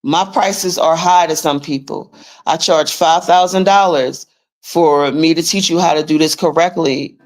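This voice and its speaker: A woman with a low-sitting voice talks a little slowly while hosting a finance-paperwork livestream. It's a casual rant, blunt, profane and forceful, urging people to get a grip on their money.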